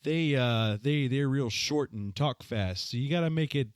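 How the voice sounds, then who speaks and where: A man's voice: mid-range voice, moderate pace, clear, resonant tone, no room sound, clean studio sound. A man playing a tabletop game, talking in a playful, teasing way. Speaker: player. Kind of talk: casual tabletop game chat.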